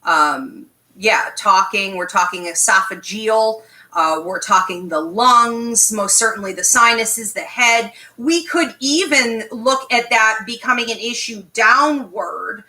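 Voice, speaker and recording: Emphatic, bright-voiced woman teaching. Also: a little high, slow pace, rough recording. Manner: direct, emphatic, frequent "okay?" check-ins. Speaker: psychic medium teaching an online class. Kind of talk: live online class talk.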